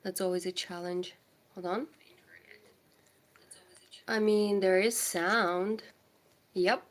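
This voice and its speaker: A woman's voice: medium pitch, fairly even intonation, slow pace. A young woman with a cold, chatting casually with viewers of her crochet livestream from home. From Moldova. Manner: chatty, distracted, greets viewers. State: has a cold. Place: home indoors.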